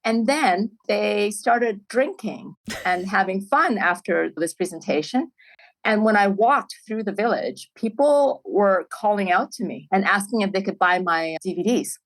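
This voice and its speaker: A woman's voice: mid-range voice, measured pace, poor audio. A woman telling stories with laughter. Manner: animated, laughs often while telling stories. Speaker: podcast guest, filmmaker. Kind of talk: storytelling in a podcast interview.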